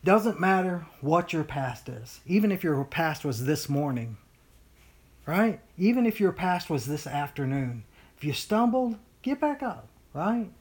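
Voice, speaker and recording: Speaking at a middle, everyday pitch and in no hurry, an informal Bible study leader talks casually to a small group. He's animated and rambling, with lots of fillers and restarts, often dropping into whiny put-on voices to make his point.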